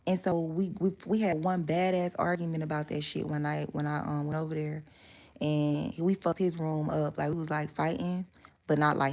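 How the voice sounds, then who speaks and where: A woman with a low voice and a gravelly edge rambles through a personal story for her viewers. She talks candidly and swears freely, circling back and correcting herself as she goes. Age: adult. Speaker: vlogger telling a story. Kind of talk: casual story time monologue.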